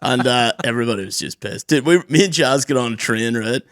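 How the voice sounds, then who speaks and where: A young man, co-hosting a podcast in a studio and telling stories in lively casual chat, swearing freely. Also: medium pitch, fairly quick, no room sound. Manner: animated storyteller, swears freely, does loud voices. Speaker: podcast co-host.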